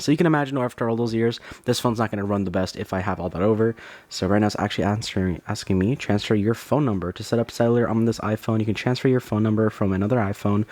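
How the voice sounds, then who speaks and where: A young man casually narrating a phone unboxing at home, excitable and rambling with many fillers and restarts. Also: lowish voice, no room sound. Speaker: tech vlogger. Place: dim room at home.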